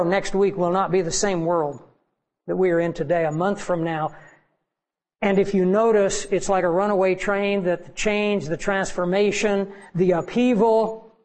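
A man's voice: high voice, darkish tone, rough recording. A man preaching a sermon as pastor, earnest and pleading with his congregation.

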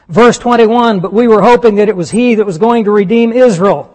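A man's voice: high-pitched, expressive, a little fast, hardly any pauses, darkish tone. A man preaching a sermon, emphatic and full of rhetorical questions. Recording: long reverb of a large hall.

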